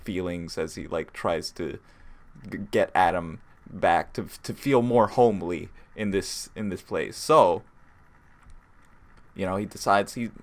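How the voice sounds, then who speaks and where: A man co-hosting a podcast in casual chat, explaining a cartoon plot with dry jokes and halting restarts. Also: low voice. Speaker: podcast co-host.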